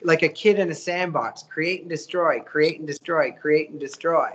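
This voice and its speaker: Animated man, voice actor. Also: a little high, moderate pace, highs cut off, a little hiss or hum. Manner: animated, motivational, voices quotes. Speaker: voice actor guest. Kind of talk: casual interview chat.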